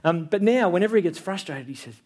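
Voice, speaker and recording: A man's voice: sits high, animated, fast, darkish tone. Conversational man preaching a sermon. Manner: conversational, tag questions like "yeah?". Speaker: pastor. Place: church.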